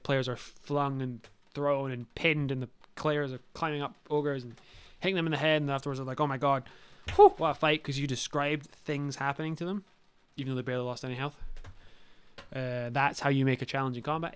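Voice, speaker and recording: A man's voice: on the high side, a bit bright, clean tone, dry recording. A young man hosting a podcast, giving blunt, sweary, rambling advice to new dungeon masters in casual talk. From Scotland.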